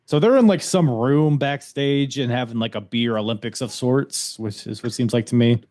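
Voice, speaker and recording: A man's voice: mid-range voice, moderate pace, a little mellow. A man hosting a podcast, recapping events in a loose, casual chat and laughing often. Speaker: podcast host.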